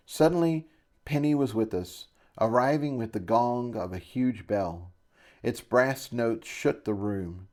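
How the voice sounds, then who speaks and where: A man's voice: fairly low pitch, darkish tone. A man narrating a first-person novel aloud in a casual way, recorded on a phone. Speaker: audiobook narrator.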